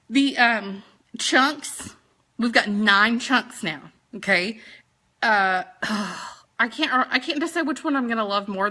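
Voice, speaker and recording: A woman with a twang runs through a product list in a casual, chatty way. Her voice is bright and sits a bit high for a woman. She keeps tossing in quick jokes and asides. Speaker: sales consultant presenting products.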